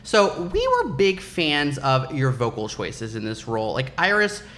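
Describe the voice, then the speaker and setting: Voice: mid-range voice, wildly swooping pitch, a little slow, a bit bright, slight background noise. A podcast co-host asking an actor guest questions in chatty, filler-heavy speech. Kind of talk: interview questions.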